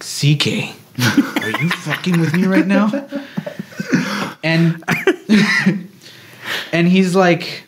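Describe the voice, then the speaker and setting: Podcast co-host, man, higher-pitched, animated anecdote teller, salty language. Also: background noise. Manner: animated, swears freely, acts out quotes. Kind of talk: casual storytelling.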